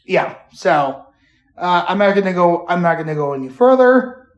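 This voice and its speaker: A man hosting a casual podcast, retelling a show haltingly with many fillers and restarts. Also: high voice, lively intonation, muffled recording. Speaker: podcast host. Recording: roomy echo.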